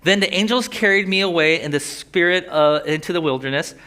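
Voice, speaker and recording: A man's voice: a little high, brisk, sharp tone. A young man preaching a sermon in a loose, conversational way, with a slight lisp from a sore tongue, breaking into joking asides. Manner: conversational, joking asides, voices inner thoughts.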